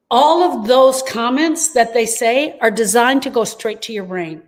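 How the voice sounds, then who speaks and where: A woman's voice: a little high, a little slow, few pauses. A middle-aged woman who coaches grieving parents, speaking earnestly and emphatically in a live talk and repeating her key phrases to reassure them. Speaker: grief coach and host.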